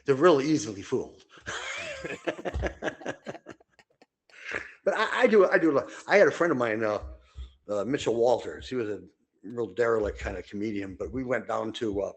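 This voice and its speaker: An older man hosting a casual podcast, winding through anecdote after anecdote with fillers and false starts. His voice sits at an ordinary middle pitch, and he leaps sharply higher whenever he acts out what someone said. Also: lively intonation, moderate pace, long pauses. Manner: rambling anecdotes with many fillers and restarts; acts out quoted people with sudden high voices. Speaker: podcast co-host. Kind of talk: casual storytelling chat.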